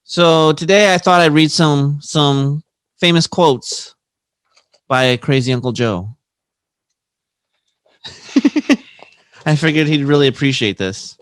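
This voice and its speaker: A man's voice: a little high, slow, pauses often, no echo. Man co-hosting a casual podcast. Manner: laughs between reading quotes aloud. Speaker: podcast co-host.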